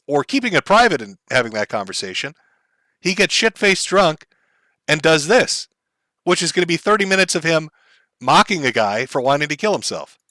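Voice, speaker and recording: A man with a bright, forward voice calmly explains the background on his stream, filling gaps with ums and uhs. He sits close to the mic in a dry space, pitch a bit above the usual male range. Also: no echo. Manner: calm, measured, many fillers. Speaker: commentary streamer.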